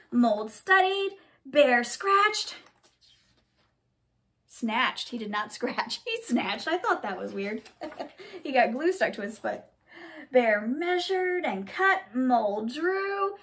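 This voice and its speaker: A woman with a high voice reads a picture book to young children at an unhurried pace. She talks in a sing-song, animated way and hams up the sound effects. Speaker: children's story time host.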